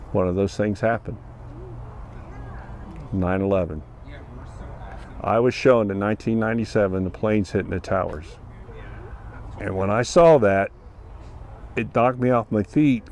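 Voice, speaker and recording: An earnest Ohio man recounts his festival experience in a fairly low, darkish voice with a steady tone, unhurried and with long pauses, and there's a little hiss or hum. Plain-spoken throughout, he acts out the dialogue.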